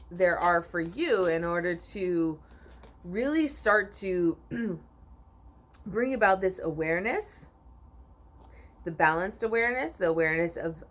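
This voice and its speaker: A woman giving a spiritual oracle card reading to viewers, sleepy and yawning, rambling with repeats and restarts and often clearing her throat. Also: fairly low pitch.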